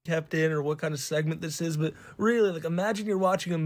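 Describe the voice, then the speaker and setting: A man with a somewhat high voice riffs sarcastically on a casual commentary stream. He laughs as he builds his mocking examples. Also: fairly even intonation, brisk. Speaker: stream co-host.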